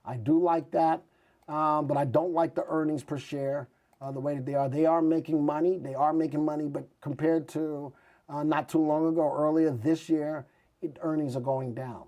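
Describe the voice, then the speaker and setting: A man's voice: a little high, fairly even intonation, moderate pace, muffled recording. A male host giving live, chatty commentary on stock charts and reading out viewers' ticker requests. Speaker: market news host.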